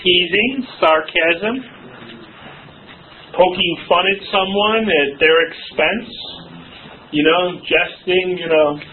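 A high-pitched man leads a church Bible study in a chatty, joking way, tossing questions to the class. The sound is thin and tinny, like a phone line, with a faint hiss underneath. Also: fairly even intonation, slow, long pauses. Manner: joking, chatty, asks the class questions, frequent "okay?" and "you know". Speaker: Bible class teacher and counselor.

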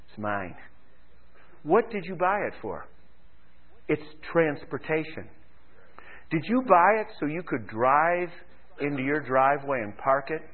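A man's voice: medium pitch, animated, moderate pace. A man preaching a sermon, firing off rhetorical questions and building to fervent exhortation, heard as a tinny radio broadcast.

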